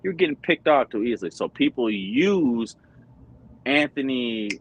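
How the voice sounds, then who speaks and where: A man's voice: medium pitch, lively intonation, unhurried, slightly rough, rough recording. A man hosting a pop-culture stream, rambling in casual chat with lots of fillers and crude slang over an online voice chat.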